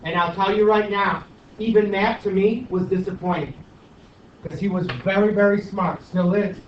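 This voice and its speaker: A male math teacher giving his class an animated, teasing pep talk and review, recorded in a classroom. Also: high voice, normal speed, distant mic, a little hiss or hum. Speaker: high school math teacher. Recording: echoey dull classroom recording from afar.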